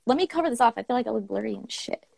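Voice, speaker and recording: Young woman, slightly high voice, giggly, animated, swears freely, casual co-host chat, video call. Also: very fast, creaky. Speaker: poetry show co-host.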